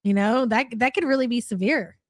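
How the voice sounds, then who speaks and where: A woman's voice: a little high, fairly quick, slight background noise. A woman hosting a live reaction stream, mocking and sarcastic, laughing often. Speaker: reaction channel host.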